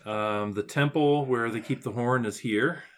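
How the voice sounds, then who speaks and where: A man running a tabletop game lays out the scene at a steady pace. His voice sits in a middle pitch with ums between phrases. Faint noise and clicks hang behind him. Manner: measured, describing with pauses and ums. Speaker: game master.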